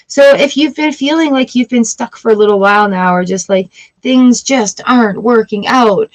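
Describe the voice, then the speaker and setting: A woman's voice: on the high side, moderate pace. A woman giving a casual tarot reading, chatty and playful, with the odd swear word. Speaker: tarot reader.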